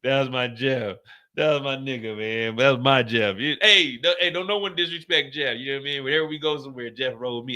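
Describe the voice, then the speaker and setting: A middle-aged man hosting a stream, telling a story in a casual, animated way with lots of cursing, raising his voice when he acts out what people said. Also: medium pitch, quick pace. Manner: animated, profane, acts out quotes in a raised voice. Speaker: streamer host.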